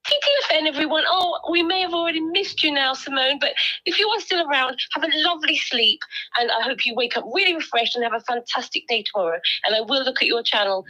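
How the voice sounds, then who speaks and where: A woman's voice: high voice, quick pace, pushed and bright, rough recording. A woman co-hosting a casual livestream, reading out viewer comments in a playful, giggly way with lots of ums.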